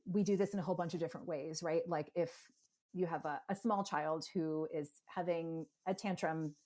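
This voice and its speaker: A middle-aged woman from the United States, a psychotherapist speaking as a podcast guest, talking animatedly and acting out parents and kids in quick voices. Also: low voice, steady tone, darkish tone. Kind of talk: conversational interview.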